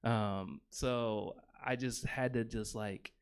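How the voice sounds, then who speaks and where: This thirty-something comic, holding a handheld mic on a comedy theater stage, has a clear, resonant mid-range voice with fairly even intonation and a slow pace. He meanders through his material, filling it with ums and likes while poking fun at his own drawn-out setups.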